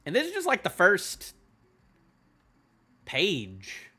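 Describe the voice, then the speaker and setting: A man hosting a reaction video in casual solo commentary, rambling and filling his talk with "you know", often trailing off in a low-key way. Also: wildly swooping pitch, slow, pushed and bright, husky. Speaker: manga reaction channel host.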